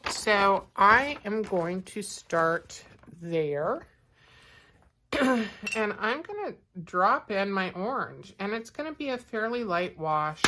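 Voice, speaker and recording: Slow, bright-voiced woman teaching watercolor. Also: lowish voice, a little hiss or hum. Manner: relaxed, explains step by step with fillers. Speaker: art teacher. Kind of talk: watercolor painting demonstration.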